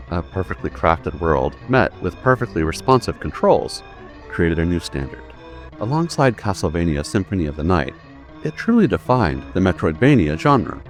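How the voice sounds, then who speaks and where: A man giving a scripted video essay narration, emphatic and building to punchy statements. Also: deep voice. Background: faint background music.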